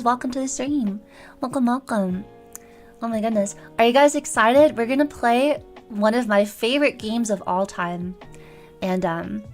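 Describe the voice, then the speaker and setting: A young woman streaming as a VTuber, chatting casually with her viewers in a playful, rambling way. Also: fairly high pitch. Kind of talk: casual livestream chat with viewers. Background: faint background music.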